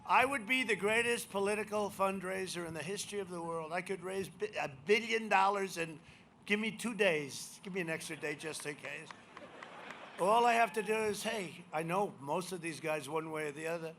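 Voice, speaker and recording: An older man giving a campaign rally speech, rambling and boastful, swinging between shouted lines and muttered asides. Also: sits high, moderate pace, slight background noise. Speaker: political speaker at a rally. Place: outdoor rally crowd.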